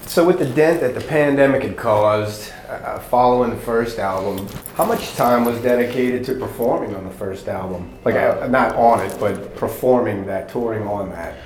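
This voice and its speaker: A man's voice: mid-range voice, normal speed, hardly any pauses, a little mellow, slight background noise. A man hosting an interview, asking questions and chiming in with easygoing, encouraging remarks. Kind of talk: casual interview. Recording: echoey room.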